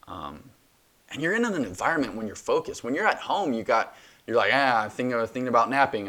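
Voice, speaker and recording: A man's voice: lowish voice, a bit bright. Passionate young man hosting a podcast. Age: 20s. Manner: passionate, preachy, many restarts. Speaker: podcast host. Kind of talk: solo faith podcast talk.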